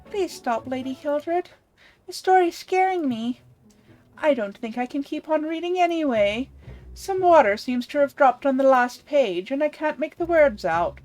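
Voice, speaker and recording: A woman's voice: high voice, animated, unhurried. A woman voicing a polite, timid young man who cannot read, reading game dialogue aloud. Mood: earnest. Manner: bright, polite, easily frightened.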